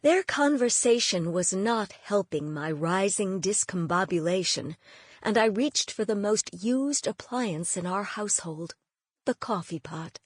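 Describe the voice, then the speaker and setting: A woman narrating a novel in the first person with a wry, measured storytelling manner. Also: medium pitch, lively intonation, slightly rough, dry recording, clean studio sound. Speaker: audiobook narrator.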